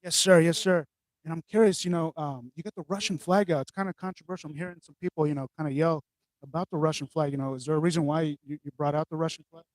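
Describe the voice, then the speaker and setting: Man, street reporter, casual live-stream chatter, phone mic, dry close sound, a bit high-pitched. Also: steady tone, quick pace, no room sound. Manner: loose, chatty, swears casually, many restarts. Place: outdoor street rally.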